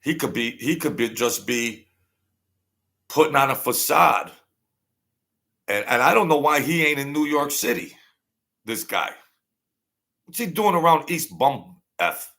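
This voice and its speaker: A man's voice: medium pitch, expressive, unhurried, pauses often, bright, forceful tone. An older man, host of his own channel, telling a rambling story in a blunt, wary, streetwise way.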